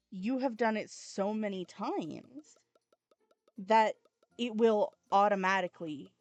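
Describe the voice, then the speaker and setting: A woman's voice: fairly low pitch, darkish tone, no echo. A woman hosting a gaming channel, rambling casually over gameplay and swearing now and then.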